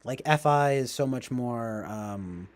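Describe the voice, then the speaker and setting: Young male streamer, mid-pitched, rambling chatter stuffed with fillers and self-corrections, chuckles a lot. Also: animated, takes it slowly. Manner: chuckles often while talking. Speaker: livestream host. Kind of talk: casual rambling livestream talk.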